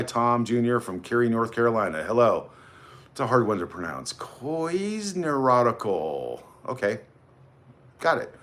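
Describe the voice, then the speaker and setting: A man's voice: mid-range voice, a bit bright. Chatty man hosting a livestream. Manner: chatty, rambling, greets viewers by name. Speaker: livestream host. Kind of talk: casual livestream chat, reading out viewer comments.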